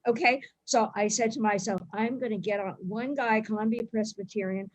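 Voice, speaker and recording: A woman's voice: mid-range voice, steady tone, moderate pace. A woman in her forties from the Bronx doing a blunt, rambling stand-up set over a video call. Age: 40s. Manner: brash, rambling, blunt storytelling. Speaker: stand-up comic.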